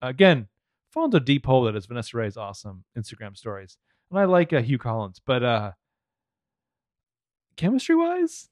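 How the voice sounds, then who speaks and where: A man's voice: mid-range voice, wildly swooping pitch, fairly quick, long pauses, no echo. A man co-hosting a podcast, joking and sarcastic as he recaps a TV show. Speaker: podcast co-host. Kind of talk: casual TV recap chat.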